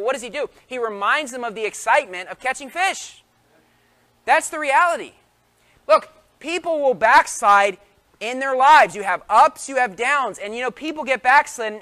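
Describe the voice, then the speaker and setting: A male preacher delivers a sermon with a high-pitched voice. He talks emphatically and keeps asking his listeners rhetorical questions. His tone is bright and forceful. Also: expressive, normal speed.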